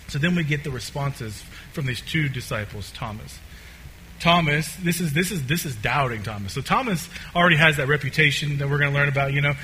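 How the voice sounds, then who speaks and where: Guy preaching, laid back and chatty, bright clear voice. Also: fairly high pitch, brisk, a little hiss or hum, rough recording. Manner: casual, conversational preaching with fillers. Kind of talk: sermon.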